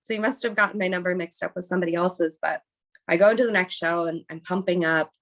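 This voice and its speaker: A woman's voice: on the low side, steady tone, fast, a bit bright. Chatty young woman telling a story. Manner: chatty, rambling with many fillers. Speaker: podcast guest, bikini competitor. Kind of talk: casual interview storytelling.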